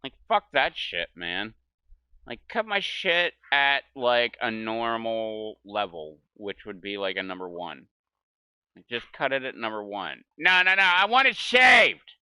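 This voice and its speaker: A man's voice: on the low side, expressive, a little slow, sharp tone, clean tone, no echo. A man ranting casually and profanely while gaming, exasperated and swearing constantly. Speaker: gaming streamer.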